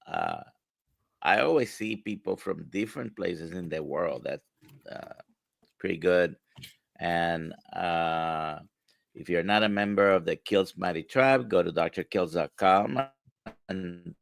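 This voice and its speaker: A man hosting a livestream in a relaxed way, with many fillers and pauses. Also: sits low, vocal fry, dry recording. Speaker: livestream host. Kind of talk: casual livestream talk.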